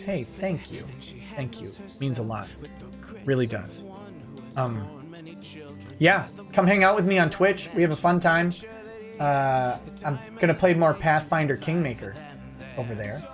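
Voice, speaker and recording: A man's voice: fairly high pitch, animated, unhurried, pauses often, soft background music. Joking man hosting a late-night stream. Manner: casual, joking, wry. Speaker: lawyer hosting a livestream. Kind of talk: late-night livestream chat, reading viewer comments.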